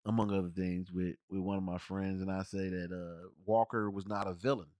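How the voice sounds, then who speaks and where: A man's voice: mid-range voice, dry recording. Guy doing a casual movie review podcast, slangy and rambly, voice jumps around a lot, dry close mic. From Cincinnati area, United States. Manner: animated, rambling, slangy, with many restarts. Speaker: podcast host reviewing films. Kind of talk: casual spoken film review.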